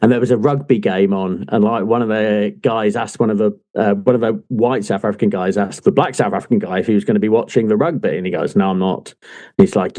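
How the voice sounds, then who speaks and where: A man co-hosting a casual football book podcast, talking in an animated way with plenty of swearing and laughter. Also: lowish voice, brisk. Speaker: podcast co-host. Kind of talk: casual chat.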